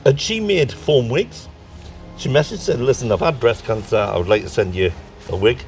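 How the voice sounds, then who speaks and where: A man with a Tyneside accent telling stories as an interview guest in a lively, laughing way, acting out what people said. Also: mid-range voice, moderate pace, far from the mic, soft background music. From North East England. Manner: lively, laughs through his stories, acts out quotes. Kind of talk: casual storytelling chat.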